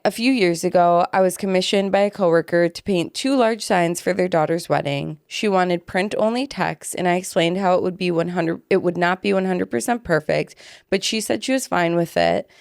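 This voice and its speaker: A young adult woman co-hosting a podcast, chatting casually and reading listener stories aloud in a relaxed, offhand way. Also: on the low side, normal speed, smooth, no echo, studio quality. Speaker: podcast co-host.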